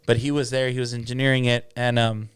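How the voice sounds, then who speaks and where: A man, a mariachi singer, telling a lively story as an interview guest and slipping in Spanish words. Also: mid-range voice, quick pace, smooth. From Los Angeles. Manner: lively storyteller who acts out quotes and mixes in Spanish.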